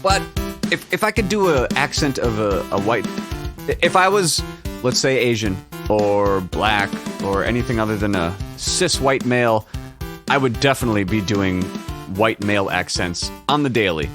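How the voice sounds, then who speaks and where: A man's voice: fairly low pitch, animated, normal speed, music in the background. A man hosting a casual solo podcast, rambling, joking and swearing in a Midwestern American accent. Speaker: podcast host.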